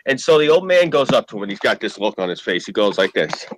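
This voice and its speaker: A man telling a story on a casual podcast, animated and profane. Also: fairly low pitch, fast, a little hiss or hum, low-quality recording. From New York. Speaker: podcast co-host.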